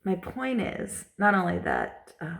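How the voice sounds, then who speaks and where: A woman's voice: mid-range voice, wildly swooping pitch, measured pace, vocal fry, fairly bright tone. A woman vlogger telling a personal story in a casual, rambling way, repeating herself and using lots of fillers.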